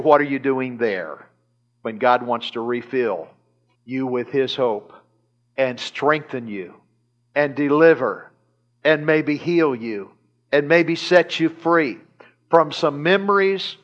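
Preacher guy with a kinda high voice, lively storytelling sermon, chuckles here and there. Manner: animated retelling with chuckles and repetition. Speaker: pastor. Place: church service.

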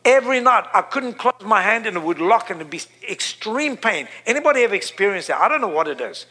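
A male preacher with a high, bright, forceful voice delivering a sermon. He hammers points home by repeating phrases, swelling to loud climaxes and then dropping low. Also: very animated, fast. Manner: emphatic, repeats phrases, builds to loud peaks.

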